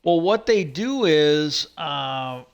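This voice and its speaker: A man's voice: a little high, lively intonation, slow, creaky, clean tone, lo-fi sound. A man hosting a livestream, talking in a loose rambling way, retelling a conversation with lots of "he goes" and restarts. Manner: retells stories with many "he goes", frequent restarts and fillers. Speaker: livestream host. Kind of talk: rambling casual monologue.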